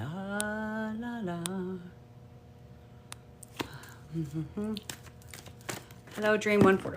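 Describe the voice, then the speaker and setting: A woman's voice: fairly low pitch, fairly bright tone, a little hiss or hum. A middle-aged woman reading tarot cards on a live stream, chatting casually, greeting viewers by name and muttering asides to herself. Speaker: tarot card reader.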